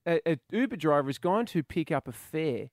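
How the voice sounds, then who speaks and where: Brief: chatty, giggly Australian male co-host, high and lively voice, dry studio. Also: no room sound. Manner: chatty, giggly, quick to laugh. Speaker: radio co-host. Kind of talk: casual radio banter. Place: radio studio.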